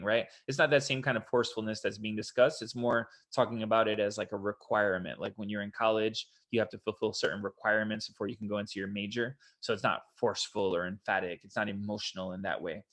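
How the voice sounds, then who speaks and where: A man's voice: fairly low pitch, fairly even intonation, fast talker, few pauses, a bit bright. Casual man explaining test answers. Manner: casual, explanatory, quotes examples in a put-on voice. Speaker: SAT tutor. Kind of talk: online test prep walkthrough.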